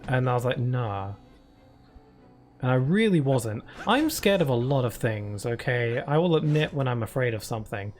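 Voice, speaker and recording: A man's voice: medium pitch, animated, brisk, few pauses, darkish tone, faint music behind. A man streaming live, chatting casually through rambling stories full of fillers. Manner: rambling anecdotes with many fillers.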